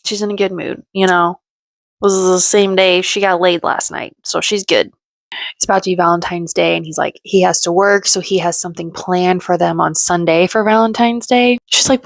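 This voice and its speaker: A woman's voice: lowish voice, vocal fry, dry recording. A woman giving a casual commentary recap of a reality show, with sarcastic, snarky asides.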